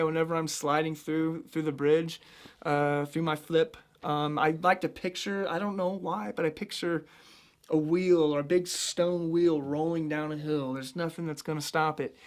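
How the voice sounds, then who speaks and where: A man from central Illinois giving a casual singing lesson, chatting about head voice and breaking into high sung demonstrations. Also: fairly even intonation, normal speed. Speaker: vocal coach.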